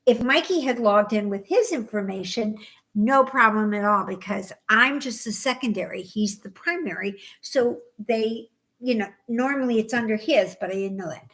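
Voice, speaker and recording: A middle-aged woman co-hosting a knitting podcast in casual chat, ranting with bursts of loud exasperation. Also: fairly high pitch, normal speed. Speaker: podcast co-host.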